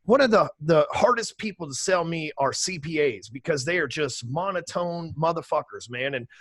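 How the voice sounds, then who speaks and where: High-pitched, high-energy guest man. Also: expressive, normal speed, a bit bright, dry recording. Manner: high-energy, emphatic, swears casually. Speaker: podcast guest, sales trainer. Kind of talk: energetic interview talk.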